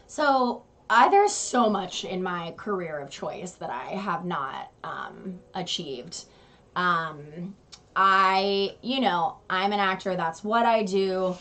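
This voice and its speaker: A woman's voice: on the low side, animated, takes it slowly, fairly bright tone. A young woman co-hosting a casual live chat with her partner, who laughs often and reads out viewer questions. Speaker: co-host of a couple's live stream.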